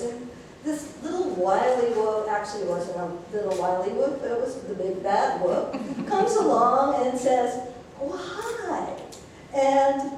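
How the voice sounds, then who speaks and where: Woman pastor telling a story in church, slow and mellow, super echoey, kinda far from the mic. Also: on the high side, a little hiss or hum. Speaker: minister. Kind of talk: storytelling sermon. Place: church sanctuary.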